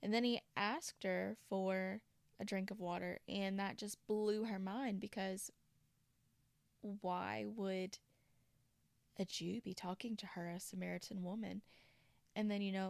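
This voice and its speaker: A woman's voice: medium pitch, level tone, measured pace, gravelly, dry recording. A woman from Tennessee hosting a podcast, retelling a story casually with chatty asides. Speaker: podcast host.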